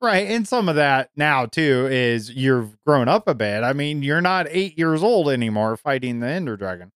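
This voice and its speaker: Middle-aged male podcast host, clear and lively, enthusiastic, dry close mic. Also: mid-range voice, moderate pace, no echo. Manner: enthusiastic, repeats words when starting sentences. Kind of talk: casual podcast chat.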